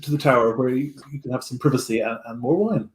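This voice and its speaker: A man's voice: mid-range voice, fast, lightly acted. A man voicing a flustered noblewoman who stammers through formal, polite speech, in a roomy-sounding recording. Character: flustered noblewoman insisting she is safe. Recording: roomy echo.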